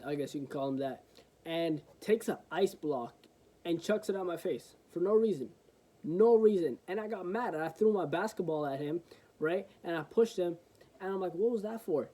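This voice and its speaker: A man's voice: a little high, moderate pace, dark tone, poor audio. A young man vlogging, telling a story in a loose, rambling way, full of fillers and "right?". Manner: rambling, filler-heavy, keeps asking "right?". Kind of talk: casual storytelling.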